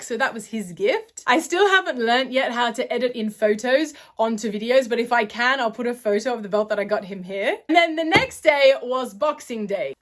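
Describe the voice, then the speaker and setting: A woman's voice: fairly high pitch, a bit bright. A young woman from Australia with an accent that is not typically Australian, chatting enthusiastically in a vlog about her gifts. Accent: not a typical Australian, somewhat British-sounding. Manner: chatty and enthusiastic, with small self-corrections. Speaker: vlogger. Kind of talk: casual chat.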